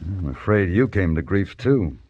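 An actor playing a calm, tough Western manhunter who also narrates, speaking dry, terse and steady in 1950s radio drama style. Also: male voice, deep voice, moderate pace. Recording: dull old radio recording with music.

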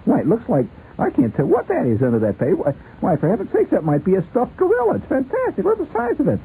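Man doing a shrill squealing excited woman. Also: fast talker, creaky, slightly rough, full character voice. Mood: thrilled. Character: excited woman opening a huge present. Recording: tinny lo-fi radio with faint hiss.

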